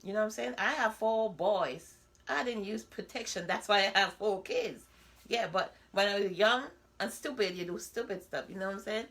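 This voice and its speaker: A woman, speaking a candid personal vlog monologue. She talks bluntly and chats freely, keeps throwing in rhetorical asides, and her voice sits at an ordinary middle pitch. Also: moderate pace, a bit bright. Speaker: vlogger.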